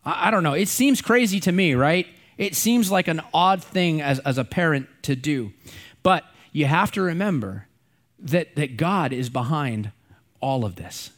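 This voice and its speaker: A man's voice: fairly high pitch, expressive, unhurried. A middle-aged man preaching a sermon in a conversational way, repeating and stressing key words. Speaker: pastor.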